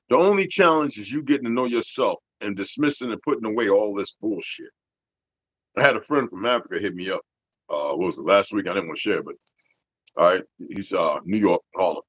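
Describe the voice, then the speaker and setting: A man in his fifties rants at his viewers in a blunt, streetwise, rambling way, swearing heavily and wandering off into asides. His voice is on the low side with a fairly bright tone, and there's no echo.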